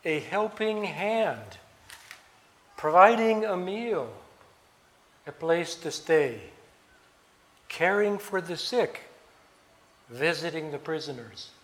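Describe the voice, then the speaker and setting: Man, pastor, sermon, slow deliberate delivery, slightly raised pitch. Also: sing-song, fairly bright tone. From United States. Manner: slow, deliberate preaching with emphatic pauses.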